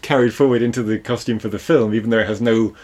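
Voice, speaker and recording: A man's voice: on the low side, steady tone, fast, a little mellow. A man co-hosting a podcast, talking through a film in a rambling, casual way, often restarting his sentences. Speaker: podcast co-host.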